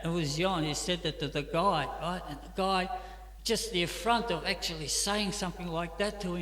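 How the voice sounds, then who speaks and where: In an echoey temple hall, a man with an Australian accent and a high-pitched, slightly bright voice leads a scripture class. He tells stories in a chatty manner, packed with fillers.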